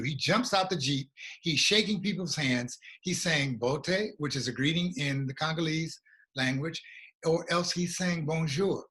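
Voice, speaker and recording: American guy telling his story, earnest and reflective, a bit high-pitched. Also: a bit bright. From USA. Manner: earnest, reflective, slow at emotional moments. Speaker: guest, regional coordinator. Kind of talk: personal storytelling in a conversation.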